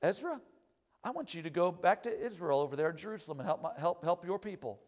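A man voicing God as a calm, commanding male voice, matter-of-fact and instructing. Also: high voice, fast, in a large hall, voice pushed down.

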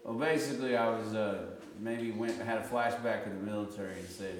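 A man leading a casual group discussion, telling a story with lively, halting restarts. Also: lowish voice. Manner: animated storytelling, often restarts sentences. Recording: echoey room with long reverb.

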